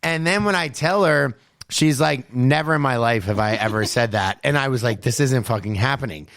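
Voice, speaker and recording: A man's voice: mid-range voice, moderate pace, fairly bright tone. A man co-hosting a podcast in casual chat, telling a story, laughing and swearing casually. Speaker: podcast co-host.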